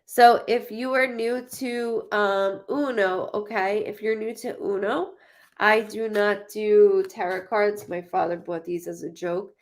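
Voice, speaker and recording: A woman's voice: mid-range voice, fairly even intonation, a little slow. A woman psychic chatting casually on a live stream, blunt and repetitive, swearing now and then. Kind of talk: casual live-stream chat reading viewer comments.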